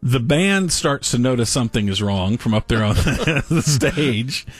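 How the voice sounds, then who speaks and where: A man co-hosting a casual talk show, telling a gross news story in an animated way and laughing through it. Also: medium pitch, unhurried, dry recording. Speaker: podcast co-host. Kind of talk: casual chat, reading a news story aloud.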